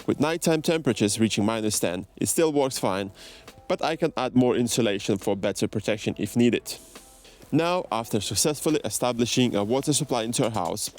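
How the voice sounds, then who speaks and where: A man's voice: mid-range voice, darkish tone. A man narrating a voice-over on his farmhouse renovation, explaining each step plainly with slightly non-native phrasing. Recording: faint music behind.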